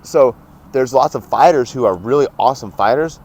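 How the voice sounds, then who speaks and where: A young man telling stories as a podcast guest, animated and laughing often, acting out what others said. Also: mid-range voice, fairly quick. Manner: animated, laughs often, acts out quoted dialogue. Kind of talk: casual storytelling.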